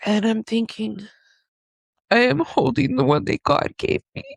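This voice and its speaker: A woman podcast host slowly telling a personal, emotional story in a confessional way. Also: fairly high pitch, gravelly, slightly rough, no room sound.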